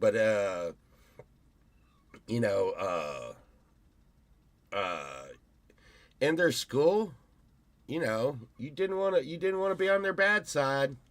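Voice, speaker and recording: A man in his fifties talks at an unhurried, drawn-out pace, rambling from one story to the next in a casual vlog monologue. He restarts his sentences often. The recording is close and dry. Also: medium pitch, sing-song, a bit bright, no echo. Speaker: YouTuber.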